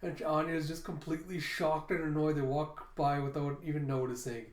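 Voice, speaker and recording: A man casually recapping a comic chapter in an animated, laughing way. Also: on the high side, a little fast. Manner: animated retelling, laughing often. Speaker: manga reviewer. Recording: roomy echo.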